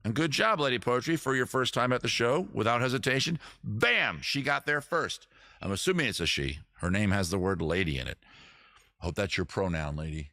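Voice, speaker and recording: A man's voice: fairly low pitch, expressive, a little fast, creaky, bright, forceful tone, dry recording, studio quality. A man hosting a casual live stream, chatting and reading viewer comments aloud from his rolling chair at home.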